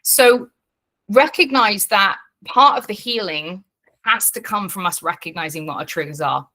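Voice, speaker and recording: A woman's voice: medium pitch, unhurried. A woman coaching a live online workshop in a casual, frank way, swearing freely and explaining things with lots of fillers. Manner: animated teaching with fillers.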